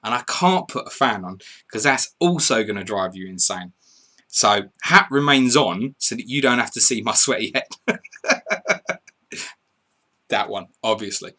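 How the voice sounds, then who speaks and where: A man hosting a live stream, chatting casually, reading out score updates and viewer messages in an excitable way. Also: lowish voice, a little slow, long pauses. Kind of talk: casual live commentary and chat.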